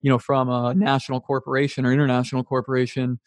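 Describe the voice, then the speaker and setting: A man's voice: medium pitch, completely flat delivery, fast, no echo, studio quality. A man hosting a podcast for trades businesses, chatting with his guest and readily agreeing and adding his own points. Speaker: podcast host. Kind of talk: casual podcast conversation.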